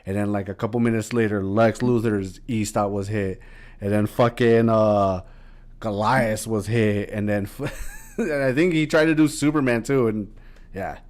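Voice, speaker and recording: A young man with a somewhat low voice, chatting loosely on a podcast. He swears easily and lets his sentences trail off. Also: moderate pace. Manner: relaxed, profane, trailing off. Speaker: podcast co-host. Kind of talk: casual chat.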